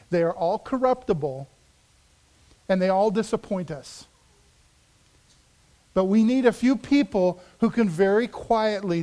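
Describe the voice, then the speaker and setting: A man with a high, light voice preaching a sermon from the pulpit. He tells the story with drama, sinking to a near hush for emphasis and then building back up. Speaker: pastor.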